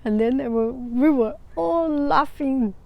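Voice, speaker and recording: A woman from China, an art teacher telling a casual story, halting as she searches for words and often breaking into soft laughter. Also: sits high, gravelly, no echo, narrow, tinny audio. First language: Mandarin Chinese.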